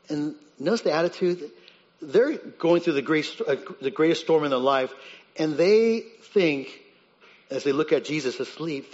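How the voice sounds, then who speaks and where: A man preaching a sermon, who swings between soft, low reflection and loud, high-pitched dramatic retellings. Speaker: pastor. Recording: dull sound with long reverb in a large hall.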